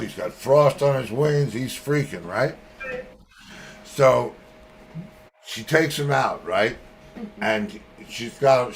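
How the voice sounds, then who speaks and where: A man's voice: medium pitch, vocal fry, slight background noise. A man hosting a podcast, telling a rambling joke and laughing along the way. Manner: rambling, laughs through the story. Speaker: podcast host. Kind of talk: casual chat, telling a joke.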